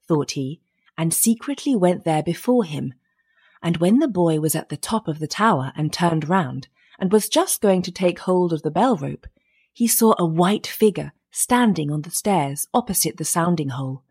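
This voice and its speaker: A woman narrating an old fairy tale in a measured storytelling manner. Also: on the low side, expressive, a little mellow, breathy edge.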